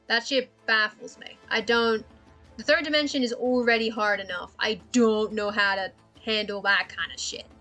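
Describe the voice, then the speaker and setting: A woman's voice: fairly high pitch, bright, forceful tone. A woman streaming while she draws, chatting casually in a rambling way, swearing and laughing often. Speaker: art streamer. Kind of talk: casual livestream chat while drawing.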